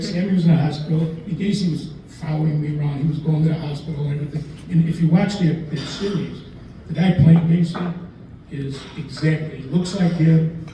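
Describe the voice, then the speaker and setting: An older man tells rambling stories at a dinner gathering, slipping into the voices of the people he quotes. His voice is dark and mellow, pitched a little high for a man. He sounds far from the microphone, in a very echoey room with a faint hum behind him. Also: fairly even intonation, normal speed. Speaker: lawyer telling stories at a dinner talk. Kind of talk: anecdotal after-dinner storytelling. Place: dinner event in a restaurant room.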